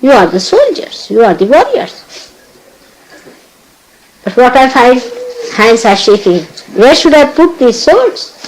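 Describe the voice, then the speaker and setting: A woman gives a spiritual talk, her pitch rising and falling in an animated way. She laughs often and teases her listeners while she scolds them. Her words sit over a faint background hiss. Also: measured pace, long pauses, low-quality recording. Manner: acts out other people's words. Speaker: spiritual teacher.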